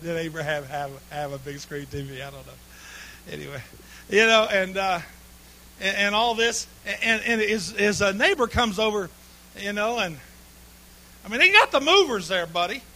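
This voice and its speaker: A man preaching a humorous sermon, telling folksy stories with sudden bursts of shouting and laughter. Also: high-pitched, normal speed, pauses often, a little hiss or hum.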